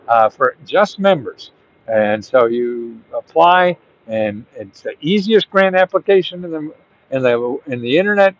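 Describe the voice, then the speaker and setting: A man's voice: fairly high pitch, no room sound. A man hosting and giving grant advice in casual talk to the camera, rambling and chatty, with bursts of emphatic urging. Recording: dull, dry lo-fi audio.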